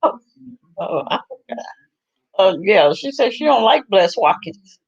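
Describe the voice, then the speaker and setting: A woman's voice: mid-range voice, sing-song, measured pace, husky, muffled recording. A woman hosting a casual chat, laughing often and reacting to what she is listening to. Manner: laughing, gossipy reactions to a livestream. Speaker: host.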